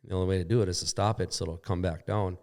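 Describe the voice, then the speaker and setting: Talking fast in a low, steady, slightly mellow voice, a podcast guest relates a long crash story. He's in a shop, rambling and swearing. He acts out the things people said.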